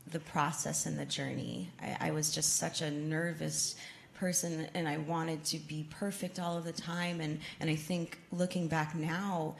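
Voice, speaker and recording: Low, gravelly-toned woman, earnest. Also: a little hiss or hum. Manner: thoughtful, earnest, many fillers and restarts. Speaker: guest ballet dancer answering audience questions. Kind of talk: audience Q&A talk. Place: museum event space with an audience.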